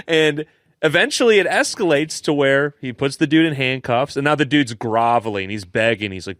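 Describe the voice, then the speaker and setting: Animated young man telling stories. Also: moderate pace, dry recording, clean studio sound. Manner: animated storyteller, acts out quotes with big pitch jumps. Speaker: podcast co-host. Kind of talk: casual podcast chat.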